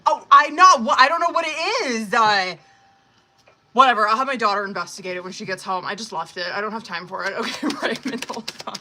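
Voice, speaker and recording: A woman's voice: medium pitch, a little fast, pushed and bright, a little hiss or hum. A woman in her thirties or forties chatting casually on a live tarot stream, blunt and profane, laughing often as she reads out messages. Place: home kitchen.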